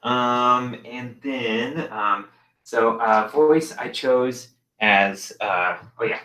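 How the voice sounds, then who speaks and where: A young man leads a casual virtual arts lesson. His voice has a bright, forward edge, and he stays upbeat, filling pauses with lots of ums and uhs. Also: medium pitch. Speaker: expressive arts teacher.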